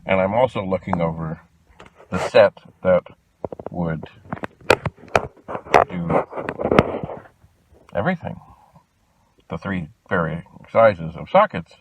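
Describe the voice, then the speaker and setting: A man from Canada telling a long customer-service story, animated and exasperated in tone. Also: low-pitched, slow pace, pauses often, narrow, tinny audio, noisy background. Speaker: video host. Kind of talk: storytelling vlog.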